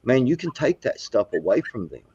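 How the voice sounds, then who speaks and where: A middle-aged man hosts a casual live talk show like a podcast, rambling along with lots of fillers and false starts. His mid-range voice is mellow and husky, swinging widely in pitch at a normal speed. The sound is dull and muffled, with no echo.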